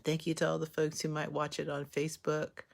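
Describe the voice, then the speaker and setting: A woman's voice: sits low, completely flat delivery, a little fast, vocal fry. A woman hosting a live reaction to a TV episode, talking emotionally and exclaiming at each scene. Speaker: show reaction host.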